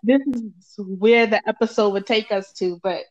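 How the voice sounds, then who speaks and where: A woman's voice: mid-range voice, fairly even intonation, normal speed. Affirming woman podcast host, lo-fi. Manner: warmly affirming, frequent encouraging interjections. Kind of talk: casual podcast conversation. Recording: dull lo-fi sound.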